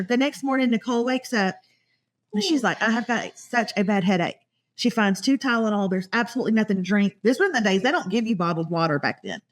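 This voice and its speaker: A woman's voice: a little high, expressive, fast talker. A woman hosting a podcast, telling stories to her friends in casual chat and laughing often. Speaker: podcast host. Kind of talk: casual storytelling among friends.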